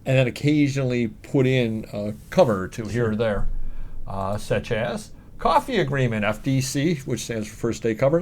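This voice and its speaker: A man's voice: medium pitch, darkish tone, slight background noise. Man, casual co-host, rambling, reads off sold items, plenty of ums. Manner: rambling, chatty, lists items with many fillers. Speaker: co-host of a reselling show. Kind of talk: casual chat about sales.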